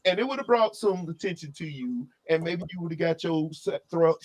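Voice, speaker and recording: A man with a slightly higher-than-average voice co-hosts a relaxed album review. He sounds animated and opinionated, jumping into asides and restarting his sentences as he goes. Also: fairly quick. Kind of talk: casual opinionated chat.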